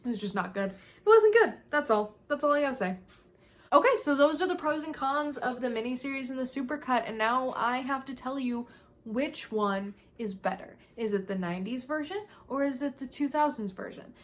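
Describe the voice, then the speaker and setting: A woman talking to camera in a casual review vlog, ranting in an animated, exasperated way. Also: high-pitched, moderate pace. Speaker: video creator.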